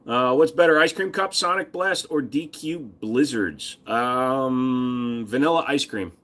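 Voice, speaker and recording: A man chats casually on his livestream, talking back to viewers with crude, profane jokes. His voice sits at an ordinary middle pitch. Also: unhurried, a bit bright. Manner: crude, profane banter with chat. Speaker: livestream host.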